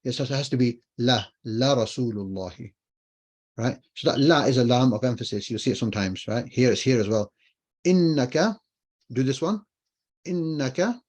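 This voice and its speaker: A man's voice: medium pitch, lively intonation, normal speed, a little mellow. Man teaching an online language class. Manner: explains patiently, repeats phrases, asks and answers his own questions. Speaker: Arabic teacher.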